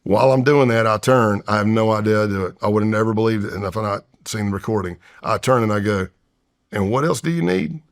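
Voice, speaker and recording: This man, in his fifties, speaks fast with few pauses, his low voice keeping a fairly even intonation. A retired FBI undercover agent appearing as a podcast guest, he recounts a tense story in a long-form interview, imitating his own past voice and whispers.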